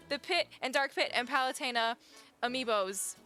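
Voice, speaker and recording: This young woman's voice sits high as she talks casually to her stream viewers, laughing frequently and getting excited fast in her chatty way.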